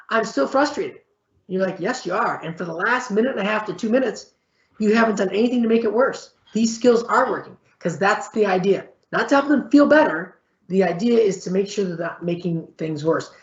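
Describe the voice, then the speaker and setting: A middle-aged man with a gravelly edge in his voice gives a conversational webinar lecture. He keeps checking in with his listeners and acts out little exchanges in a livelier voice. The audio sounds echoey and slightly muffled. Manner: conversational, repeats "all right?" and "right?" as check-ins; acts out short exchanges with varied pitch. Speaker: psychology professor presenting a webinar.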